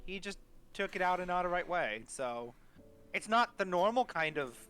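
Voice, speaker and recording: Guy playing a gentle bear dude, kinda rambly, bouncy bright voice. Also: high-pitched, sing-song, normal speed, clear, resonant tone, full character voice. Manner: kindly, rambling. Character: gentle male bear-formed humanoid.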